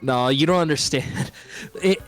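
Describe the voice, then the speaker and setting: A man's voice: fairly high pitch, a little slow, fairly bright tone, soft background music. A man in a game's voice chat, joking with friends and giving gameplay tips. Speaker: player in voice chat. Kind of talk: casual gaming chat.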